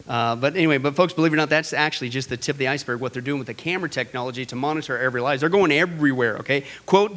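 A man preaching a sermon, excitable and direct, with many fillers and asides to his listeners. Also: mid-range voice, rapid-fire, hardly any pauses. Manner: excitable, talks straight to the audience with many fillers. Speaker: pastor.

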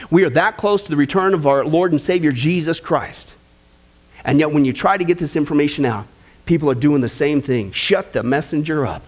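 A man preaching a sermon with passion, scolding and acting out quoted voices. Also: a little high. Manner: impassioned, scolding, acts out quotes.

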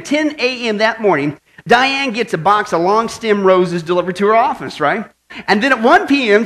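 High-voiced pastor telling a joke. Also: male voice. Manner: lively storytelling, frequent "right?" and "okay?" asides. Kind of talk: sermon with a joke opening.

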